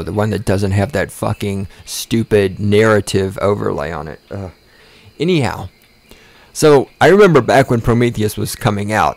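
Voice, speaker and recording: A podcast host with a fairly low, creaky voice goes on a casual, profane rant, sarcastic and swearing often while mocking others in exaggerated voices. When worked up, he repeats words and restarts sentences.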